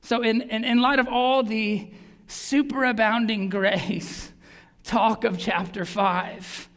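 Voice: medium pitch, steady tone, takes it slowly, fairly bright tone. Earnest preacher in a reverberant hall. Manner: earnest, emphatic preaching with repeated words. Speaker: pastor. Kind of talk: sermon. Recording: long reverb of a large hall.

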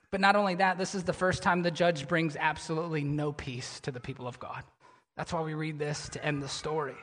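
Male pastor delivering a sermon; bright, forceful tone, reverberant sanctuary sound. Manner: animated storytelling, drops to a low somber tone.

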